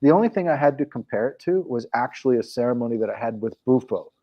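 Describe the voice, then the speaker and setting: A man with an average-pitched voice talks casually as an interview guest. He rambles and restarts his sentences often. The recording is dull and lo-fi. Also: lively intonation, quick pace. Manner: rambling, frequent restarts and fillers. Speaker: guest, coach and program founder.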